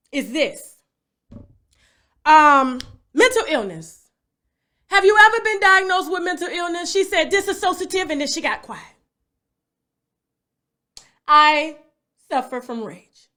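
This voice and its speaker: Brief: high-voiced woman host, animated rant full of tag questions. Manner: animated, repeats tag questions like "okay?" and "you understand?". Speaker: YouTube commentary host. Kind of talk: livestream rant to viewers.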